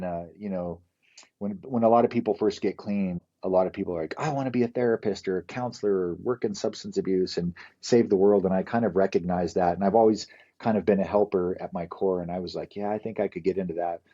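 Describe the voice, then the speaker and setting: A middle-aged man with a low, husky voice talks through his past in a loose, rambling way, dropping curses as he goes. His tone is dark and mellow. The recording is dull and lo-fi. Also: steady tone, a little fast. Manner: candid, profane, rambling storyteller. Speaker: podcast guest. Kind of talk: casual storytelling interview.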